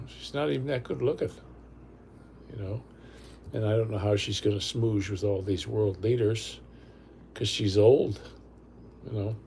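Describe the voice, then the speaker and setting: Older guy ranting on a home livestream, low gravelly voice, bit of hiss behind. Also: mellow. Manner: rambling, blunt, repeats himself. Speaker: livestream host. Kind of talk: casual livestream rant.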